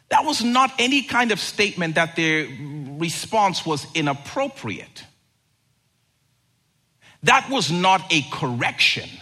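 Man preaching in church, high voice, husky tone, unhurried, conversational with joking asides. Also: pushed and bright. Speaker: pastor. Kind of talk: sermon.

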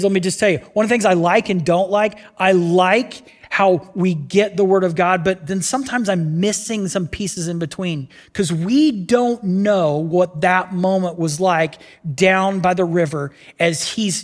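A man preaching a sermon as pastor, telling the story with energy and acting out the voices of the people in it. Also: high voice. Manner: animated storytelling, acts out voices. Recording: reverberant church hall.

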